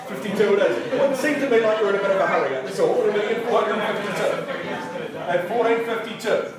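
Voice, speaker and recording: A man's voice: high voice, brisk, over a noisy crowd. A man calling a live auction indoors, rattling off bids and teasing the bidders with playful asides. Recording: very echoey room, voice from a distance.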